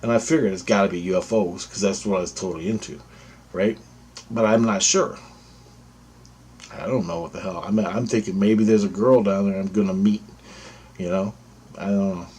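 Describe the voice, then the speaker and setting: A man's voice: low-pitched, fairly even intonation, normal speed, pauses often, warm tone, breathy edge. A man telling a personal story in a rambling, repetitive way, swearing freely. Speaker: vlogger. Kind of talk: casual spoken storytelling.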